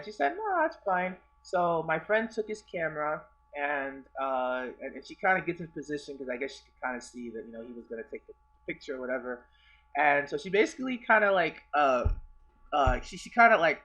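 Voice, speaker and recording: Young guy vlogger, bright, stammery and sweary. Rambles as he tells a story. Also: fairly high pitch. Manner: rambling, stammering, repeats himself, swears a lot. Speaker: vlogger telling a personal story. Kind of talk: casual storytelling.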